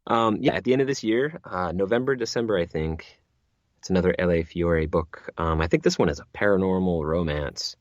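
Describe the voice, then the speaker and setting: A man, an audiobook narrator, chatting as a guest, talkative and quick to laugh. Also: low voice, no room sound, lo-fi sound. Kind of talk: casual interview chat.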